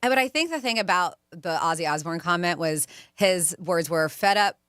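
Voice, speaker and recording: A woman's voice: fairly low pitch, moderate pace, clear, resonant tone, dry recording. Chatty radio co-host woman, dry studio sound. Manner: chatty, animated storyteller. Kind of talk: casual radio chat.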